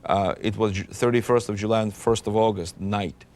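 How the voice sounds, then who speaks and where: A man from Ukraine, telling his life story in an interview in an earnest, halting way, often restarting his sentences. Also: on the low side, steady tone, a little mellow. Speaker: interviewee giving a testimony. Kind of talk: personal testimony interview.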